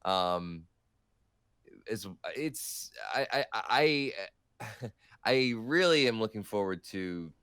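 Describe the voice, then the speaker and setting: A man taking part as a guest on a casual gaming podcast, with a low, smooth, resonant voice. He speaks hesitantly and restarts his phrases often. The sound is dry and close. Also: expressive, takes it slowly, a bit bright, dry recording. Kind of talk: casual chat.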